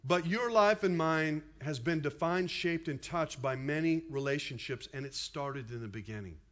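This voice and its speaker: Pastor, male, 50s, high voice, chatty sermon delivery, slightly dull recording. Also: normal speed. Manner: animated, conversational preaching with asides.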